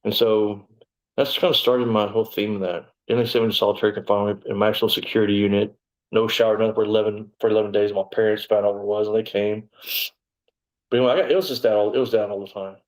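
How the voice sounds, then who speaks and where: A man's voice: lowish voice, flat delivery, fast talker, rough recording. Blunt, profane man telling a story. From Texas, USA. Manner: blunt and profane, bursts out when quoting himself. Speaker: interview guest. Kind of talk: storytelling in conversation.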